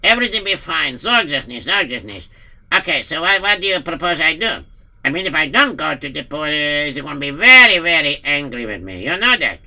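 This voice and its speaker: A man's voice: fairly high pitch, sing-song, fairly quick, pushed and bright, heavily acted. Man playing a fretful Yiddish-accented innkeeper. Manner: anxious, frets aloud with many stammered fillers. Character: worried male village innkeeper, nervous and fretful. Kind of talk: amateur radio-play acting.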